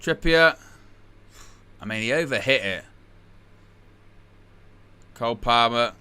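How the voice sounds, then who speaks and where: A man hosts a live football watch-along, sounding sarcastic and exasperated. His mid-range voice is very bright and sharp-edged with smooth, crisp clarity, expressive, and slow in pace.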